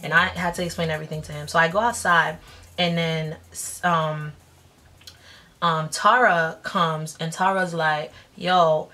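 Young woman in her 20s spilling a story, lower voice, slangy and blunt, faint music behind. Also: a little slow. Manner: animated, jumps up in pitch when acting out quotes; slangy, blunt, self-mocking. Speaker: vlogger. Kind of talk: casual storytime vlog.

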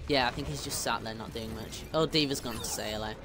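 A man's voice: mid-range voice, brisk. A man with a British accent joking and making callouts while playing a team shooter with a friend. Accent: British English. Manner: jokey, swears mildly, excitable callouts. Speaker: gamer streaming with a friend. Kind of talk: casual gaming banter.

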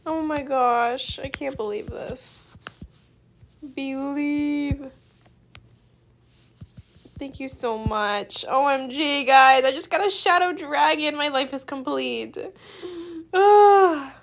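Gushing, high-voiced young woman gamer. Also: takes it slowly, gravelly, pauses often, fairly bright tone, slight background noise. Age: student. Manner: gushing, effusively grateful, giggly. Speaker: gaming video creator. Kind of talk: excited gameplay commentary.

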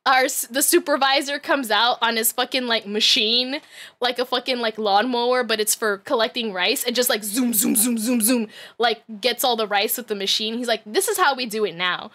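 A woman's voice: a little high, fairly even intonation, normal speed, pushed and bright. A woman in her thirties chatting casually on a livestream, laughing often, swearing freely and rambling with lots of fillers. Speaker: streamer.

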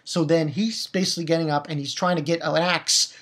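A woman casually reviewing an anime episode, excitable and blunt, swearing freely and often restarting her words. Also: sits low, a little fast, slightly rough.

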